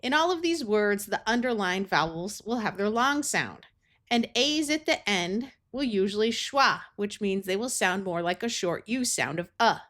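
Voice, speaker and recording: A woman's voice: mid-range voice, animated, moderate pace, fairly bright tone. An American woman teaching a phonics lesson, sounding out words carefully in parts. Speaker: reading tutor.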